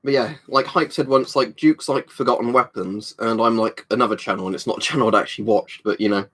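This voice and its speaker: A man's voice: lowish voice, fairly even intonation, fast talker, a bit bright, husky. A British man chatting on a livestream, reading out viewer comments and rambling with many ums and restarts. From United Kingdom. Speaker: livestream host.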